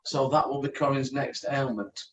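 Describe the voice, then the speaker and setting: A man's voice: mid-range voice, steady tone, moderate pace, dull audio, slight background noise. A man co-hosting a live chat stream, teasing and chatty as he reads out viewer comments. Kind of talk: casual chat.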